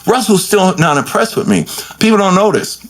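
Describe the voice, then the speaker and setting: A man telling an animated, profane story as an interview guest and acting out the lines he quotes. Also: high voice, fairly quick. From Queens, New York. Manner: profane, acts out quotes and records with shifting voice.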